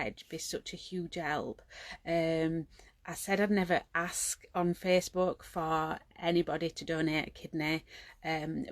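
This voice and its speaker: A woman's voice: sits low, dry recording. A woman in her thirties, talking tiredly and emotionally to camera at home in a rambling, heartfelt confessional vlog. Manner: rambling and heartfelt, fighting back tears at times. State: exhausted. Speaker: vlogger.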